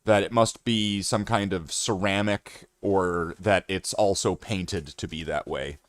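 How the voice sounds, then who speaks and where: A Canadian man streams live casually, painting miniatures while he rambles and jokes with chat. His voice is deep and steady, his pace measured, and there's no echo.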